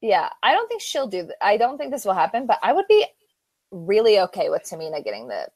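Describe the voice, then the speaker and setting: A woman co-hosting a podcast in casual chat, chatty and quick to laugh at herself. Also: medium pitch, wildly swooping pitch, darkish tone, no room sound. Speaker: podcast co-host.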